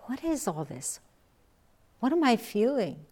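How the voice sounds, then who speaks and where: A woman Zen teacher giving a dharma talk, telling a story slowly and reflectively and acting out the quotes. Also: on the high side, very animated, darkish tone.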